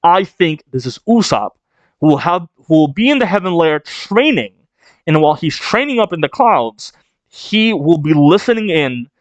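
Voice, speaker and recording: Chatty man reacting to a manga, slightly high voice. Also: normal speed, no room sound, lo-fi sound. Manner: animated, chatty, thinking out loud. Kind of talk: manga reading reaction and speculation.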